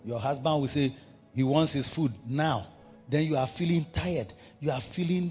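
A male preacher delivering a dramatic, animated sermon in a church, repeating words for effect. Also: on the high side, moderate pace. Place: large church hall. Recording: dull reverberant hall with music.

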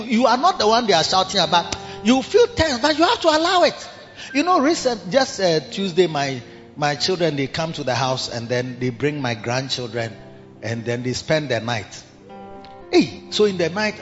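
Older Ghanaian pastor, soaring lively pitch. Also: male voice. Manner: animated, shouting bursts, mixes in local phrases. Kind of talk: sermon. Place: large cathedral hall. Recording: dull reverberant hall with music.

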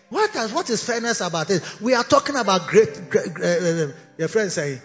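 Brisk and sing-song, this man's high-sitting voice carries a sermon he delivers as bishop and pastor, teasing and scolding the congregation and breaking into laughter partway through sentences. He's in a cathedral sanctuary, and the lo-fi recording sounds dull and echoey, with faint music.

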